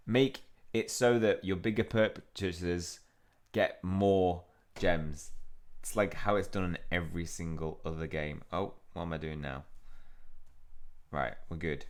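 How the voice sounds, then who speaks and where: A man's voice: sits low, lively intonation, a little slow. A young man hosting a gaming channel, chatting casually and laughing as he plays and reads lines aloud. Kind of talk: casual let's play commentary.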